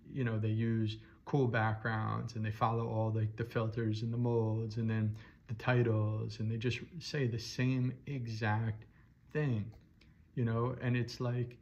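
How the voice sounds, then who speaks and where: A man's voice: medium pitch, darkish tone. A man rants frankly to camera in a loose, repetitive vlog monologue. He piles one thought onto the next and keeps circling back to the same point. The audio is a little dull and lo-fi. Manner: frank, repetitive, runs on with "and then". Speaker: vlogger. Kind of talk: casual monologue rant.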